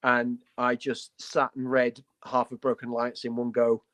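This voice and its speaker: A man's voice: medium pitch, completely flat delivery, moderate pace, fairly bright tone. A man co-hosting a casual hobby podcast, talking with enthusiasm, blunt jokes and playful asides. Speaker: podcast co-host.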